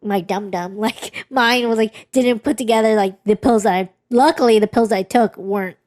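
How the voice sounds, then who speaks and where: A woman's voice: fairly high pitch, normal speed, darkish tone, no room sound, studio quality. A young woman co-hosting a podcast, telling a personal story in a candid, rambling way with many restarts. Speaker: podcast co-host. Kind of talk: casual chat.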